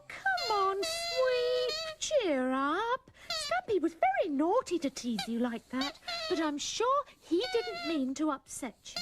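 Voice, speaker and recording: A woman presenting a children's puppet show, gently coaxing and soothing the puppets as if they were small children. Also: very high voice, wildly swooping pitch, takes it slowly, few pauses. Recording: old VHS tape with music and hiss.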